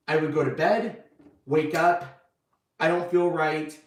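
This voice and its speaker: A man's voice: slow pace, long pauses, roomy sound, far from the mic, low-quality recording. A man hosting his own channel, casually telling viewers a story and acting out the quotes. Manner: animated, acts out quotes with big pitch jumps. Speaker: channel host.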